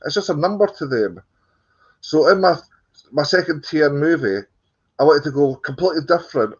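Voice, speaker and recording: A man's voice: fairly high pitch, lively intonation, fairly quick, husky, dull audio. A man with a Scottish accent, a guest on an interview show, telling his story earnestly with many ums and the odd dry joke. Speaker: guest film producer. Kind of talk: casual interview chat.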